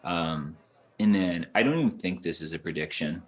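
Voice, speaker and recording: A man's voice: low-pitched, normal speed. A man co-hosting a book podcast in casual, laid-back chat, thinking aloud and chuckling often.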